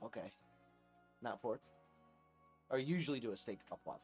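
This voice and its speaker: A young man streaming a game live, chatting casually with viewers and softly cooing to his dog, rambling with fillers. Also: medium pitch, lively intonation, normal speed, pauses often, soft background music.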